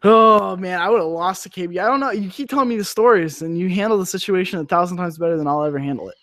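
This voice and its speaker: A man's voice: high-pitched, quick pace, fairly bright tone, no echo, clean studio sound. A man co-hosting a casual podcast, joking and bantering with his friend. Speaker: podcast co-host.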